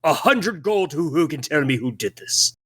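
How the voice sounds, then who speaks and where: A man's voice: on the high side, sing-song, normal speed, a bit bright, husky, full character voice. A man voicing a hulking, armed male cat-man warrior who barks orders in clipped, stiff phrases. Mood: commanding.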